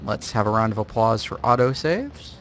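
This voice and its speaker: A man's voice: fairly low pitch, big pitch swings, moderate pace, fairly bright tone. A man streaming a game live, chatting casually in a rambling, jokey way and swearing freely. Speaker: livestreamer.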